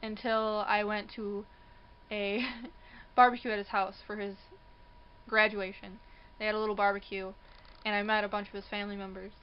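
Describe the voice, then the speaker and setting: Animated young woman telling a story. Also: medium pitch, normal speed, clear, resonant tone, lo-fi sound. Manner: animated, acts out quoted voices, laughs often. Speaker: vlogger. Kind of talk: casual storytelling. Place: indoors near a passing train.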